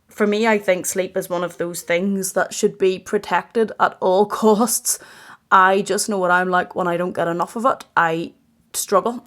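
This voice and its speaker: A woman in her thirties chatting through a get-ready-with-me Q&A at home, sounding tired, talking in an emphatic way and repeating points for stress. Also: mid-range voice. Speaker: fashion and bag YouTuber.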